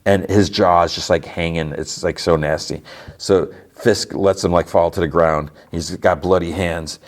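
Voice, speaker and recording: Deep-voiced man in rambling recap. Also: fairly even intonation, measured pace. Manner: rambling, filler-heavy retelling with lots of "like". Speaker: podcast host. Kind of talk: casual TV episode recap.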